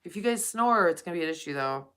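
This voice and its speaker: A woman's voice: fairly low pitch, animated, quick pace, fairly bright tone, clean tone. A woman live streaming at night, chatting casually with viewers and calling them honey and darling.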